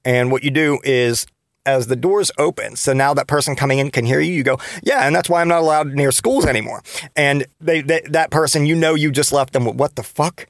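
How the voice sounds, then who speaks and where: A man in his thirties, a podcast host, tells stories in a rambling, profane solo monologue and jumps up in pitch to act out other people's reactions. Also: fairly quick, no echo, studio quality. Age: 30s. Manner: rambling and profane, acting out quoted reactions in a higher voice.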